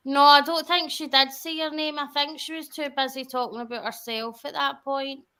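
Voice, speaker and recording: A woman's voice: sits high, steady tone, normal speed, pushed and bright. A woman co-hosting a live-stream chat, half distracted as she checks notes while talking.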